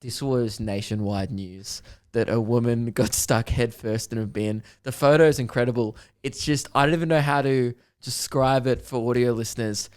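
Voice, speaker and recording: A man's voice: medium pitch, steady tone, normal speed, hardly any pauses, darkish tone. A young adult man, co-hosting a casual podcast and telling stories with crude jokes. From Australia. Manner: crude joking storyteller. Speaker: podcast co-host. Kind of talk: casual chat.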